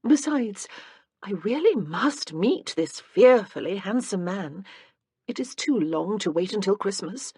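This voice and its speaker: A woman's voice: mid-range voice, animated, a little slow, a little mellow, breathy edge, dry recording, clean studio sound, voice pushed up. A woman voicing an eager, curious young noblewoman in an audiobook.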